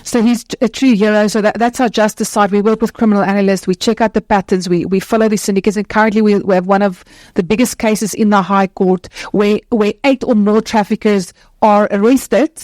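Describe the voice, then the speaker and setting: A woman speaking on a conference stage as the founder of an anti-trafficking charity. She talks passionately and earnestly, in quick bursts with many restarts. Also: mid-range voice, steady tone, a little mellow, no echo. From South Africa.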